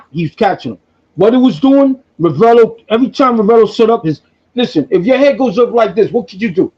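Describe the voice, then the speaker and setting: Man host, high voice, muffled sound, animated profane storyteller. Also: brisk. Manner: excitable, profane, repeats himself.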